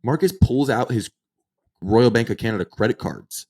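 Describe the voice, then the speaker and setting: A man's voice: mid-range voice, normal speed, slightly rough. A man of twenty-five, a podcast co-host, telling a story in casual chat and acting out the people in it. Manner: animated anecdote-telling, acts out quoted dialogue.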